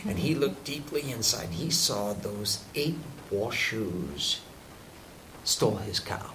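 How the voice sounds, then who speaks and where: Unhurried man telling old stories. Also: fairly low pitch, animated, sharp tone, a little hiss or hum, rough recording. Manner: unhurried, voices characters in quotes, chuckles often. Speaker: spiritual teacher telling stories. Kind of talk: storytelling talk to a group.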